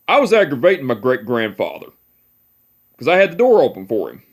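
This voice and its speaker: A man's voice: mid-range voice, huge pitch swings, a little fast. A young man tells family stories in a casual, profane way, often laughing at them. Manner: laid-back, profane, laughing at his own stories.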